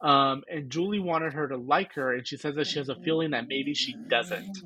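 A man's voice: mid-range voice, moderate pace, crowd noise. A man co-hosting a podcast, casually recapping episode scenes and laughing as he quotes the characters. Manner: retells scenes with quoted lines, laughs often. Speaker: podcast co-host.

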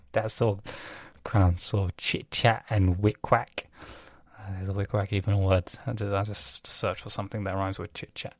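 A young man rambles through a casual solo talk, correcting himself and swearing freely. His voice sits somewhat low, and the sound is dry and close. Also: little pitch movement, moderate pace, dry recording. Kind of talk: casual monologue.

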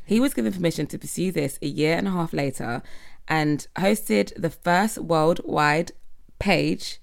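A young woman co-hosting a chatty podcast, her voice sitting low with a gravelly edge. She reads out trivia facts and breaks into laughter easily, keeping things loose and conversational. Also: unhurried. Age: young adult. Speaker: podcast co-host. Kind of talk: casual chat.

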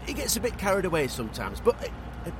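A man's voice: high voice, wildly swooping pitch, very fast, noisy background. An actor playing an anxious, well-meaning English man who frets and stammers in a sitcom. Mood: flustered. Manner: fretful, stammering.

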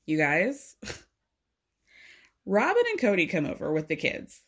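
A woman's voice: lowish voice, huge pitch swings, slow, fairly bright tone, slightly rough. A woman recapping a reality show in casual chat, sarcastic and swearing freely. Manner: sarcastic, swears freely, laughs between lines. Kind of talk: casual recap, snarky commentary.

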